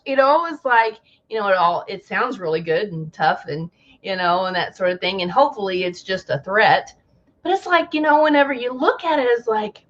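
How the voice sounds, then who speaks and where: High, animated woman storyteller. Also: lo-fi sound. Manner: animated storyteller who acts out quotes with dramatic pauses. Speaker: travel advisor vlogger. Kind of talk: casual monologue commentary.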